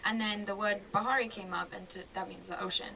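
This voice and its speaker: A woman from Kenya, a band member being interviewed, telling stories in a lively, animated way. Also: mid-range voice, gravelly, recorded from a distance, low-quality recording. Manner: lively storyteller, quick and animated. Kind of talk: casual interview.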